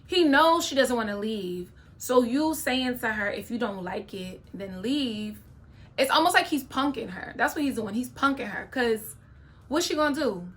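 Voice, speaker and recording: A young woman with a slightly high voice talks straight to her viewers in a casual reaction video. She is outspoken and opinionated, and she keeps checking in with a quick "okay?" as she goes. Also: expressive, fairly bright tone.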